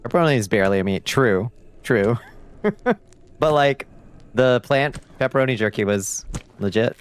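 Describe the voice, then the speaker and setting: A man chatting casually and swearing often while livestreaming a game, reacting loudly and talking to his chat. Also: medium pitch, normal speed, clean tone. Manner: profane, excitable, chatty with chat. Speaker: streamer.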